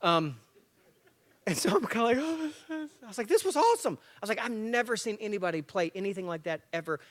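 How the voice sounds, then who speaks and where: Animated man telling a story. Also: high-pitched, quick pace. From Tennessee and Georgia, US. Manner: animated, acts out the story with swings between loud and hushed. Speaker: guest speaker at a church men's breakfast. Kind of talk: storytelling talk to a live audience. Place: church event before a live audience.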